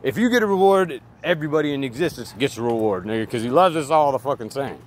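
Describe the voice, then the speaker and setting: A man's voice: mid-range voice, lively intonation, fast talker. A man giving a rambling, profane, emphatic monologue outdoors near traffic. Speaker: vlogger. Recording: loud street and vehicle noise.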